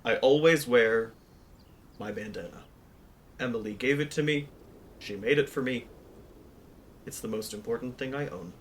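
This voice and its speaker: A tabletop player putting on a low, quiet voice for an earnest young male dog ranger who speaks slowly and with dignity. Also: a little hiss or hum, close to an everyday voice. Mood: solemn. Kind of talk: tabletop role-play character voice.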